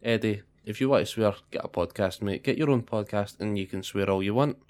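A man's voice: fairly low pitch, fairly quick, a little mellow. A young man co-hosting a podcast, chatting casually and swearing freely. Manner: profane, chatty banter. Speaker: podcast co-host.

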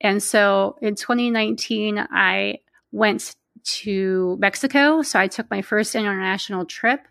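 A woman, a guest telling personal stories in a lively, casual way, laughing now and then. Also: mid-range voice, unhurried, vocal fry, no room sound. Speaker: interview guest. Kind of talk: casual storytelling.

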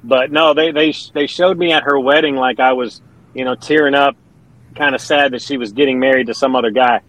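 A man's voice: mid-range voice, fairly even intonation, brisk, fairly bright tone, no echo, rough recording. A middle-aged man, telling stories as an interview guest in an earnest, chatty way. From Kentucky, USA. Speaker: interview guest, country singer and pastor. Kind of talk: casual interview storytelling.

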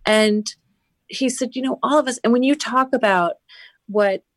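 A woman's voice: on the high side, moderate pace, no echo. A woman guest on a podcast, telling a story earnestly with lots of "you know" fillers. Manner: earnest, animated retelling with many fillers. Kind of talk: storytelling interview.

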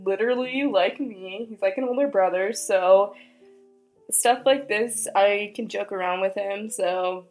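A woman's voice: mid-range voice, a little slow, faint music behind, rough recording. Young woman hosting a casual story podcast. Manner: casual and slangy, swears freely; reads a listener's story aloud in a hushed voice. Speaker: podcast host.

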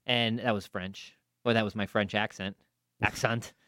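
A man co-hosting a podcast in casual banter, playful and exuberant, breaking into loud showman-style bursts. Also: lowish voice, steady tone, moderate pace, no room sound, studio quality. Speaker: podcast co-host.

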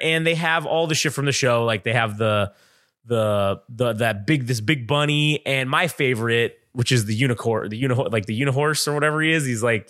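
A man with a medium-pitched, slightly bright voice co-hosts a casual podcast, captured in dry, studio-quality sound. He tells a long, rambling story packed with swearing and acts out quotes in funny voices.

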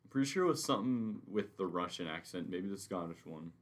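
Young man, low voice, profane, laughing, casual podcast chat. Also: lively intonation, quick pace. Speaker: podcast co-host.

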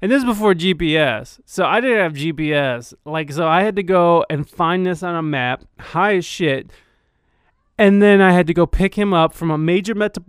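Rambling, profane man with a smooth voice. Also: fairly high pitch, dry recording, clean studio sound. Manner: rambling, profane, full of fillers. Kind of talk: casual anecdote.

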